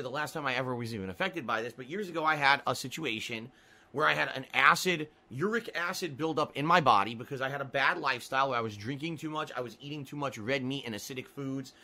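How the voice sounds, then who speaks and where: Guy streaming a game live, bright kinda high voice, keeps getting annoyed and cussing. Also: low-quality recording. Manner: frustrated, swearing, exclamatory. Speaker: gaming streamer. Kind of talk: live gameplay commentary.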